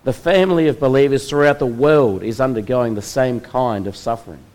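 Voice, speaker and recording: A man preaches from the pulpit, unfolding a story at a deliberate pace. His voice sits at an ordinary middle pitch, and he leans on pauses to let each moment land. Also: a little mellow, low-quality recording. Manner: measured storytelling with slow, dramatic pauses. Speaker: pastor. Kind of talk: sermon retelling a Bible story.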